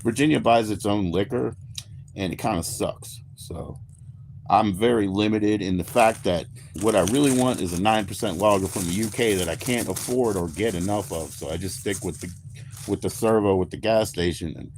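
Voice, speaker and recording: Speaking at a moderate pace, a fairly low-pitched American man with a darkish tone rambles casually to his livestream audience. He's relaxed and swears freely, and a little hiss or hum runs underneath.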